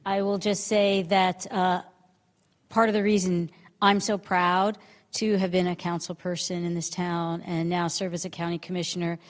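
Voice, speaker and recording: A woman's voice: fairly low pitch, flat delivery, normal speed. Middle-aged woman, grateful hesitant thanks. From New Jersey. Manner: grateful, hesitant, many fillers. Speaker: county commissioner accepting an award. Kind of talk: impromptu acceptance speech. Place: council meeting chamber. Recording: reverberant meeting room.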